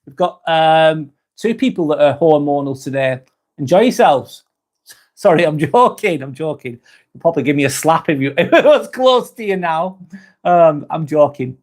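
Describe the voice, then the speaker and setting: A man's voice: fairly high pitch, animated, normal speed, a little mellow. A man hosting a casual livestream chat, reading out viewer comments, swearing casually and laughing often. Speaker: livestream host.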